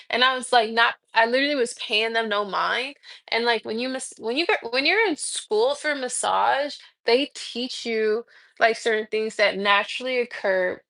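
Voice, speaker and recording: A woman in her thirties, a massage therapist, telling a story on a casual livestream with animated, exasperated, swearing talk. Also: on the high side, creaky, dry recording.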